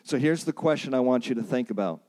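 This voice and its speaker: A man's voice: animated, fast talker, a little mellow. A man teaching a church counseling seminar, earnest and emphatic, quoting scripture and repeating key points for emphasis. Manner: acts out pleading phrases in a higher voice.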